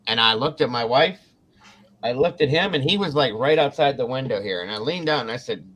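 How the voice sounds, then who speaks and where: A man's voice: mid-range voice, fairly quick, slight background noise. A man from Ohio hosting a casual talk show, telling a story with swearing and acted-out quotes. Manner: animated, swears freely, acts out quotes. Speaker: podcast host.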